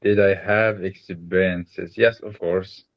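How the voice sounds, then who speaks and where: A man's voice: sits low, fairly even intonation, takes it slowly, gravelly, highs cut off. A man from Egypt answering interview questions, hesitant, with many fillers and restarts.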